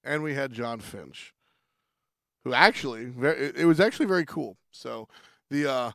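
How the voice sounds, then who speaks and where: A man's voice: medium pitch, moderate pace, vocal fry, fairly bright tone, no room sound, studio quality. A man hosting a livestream in casual chat, rambling, restarting sentences and laughing between thoughts. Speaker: stream host.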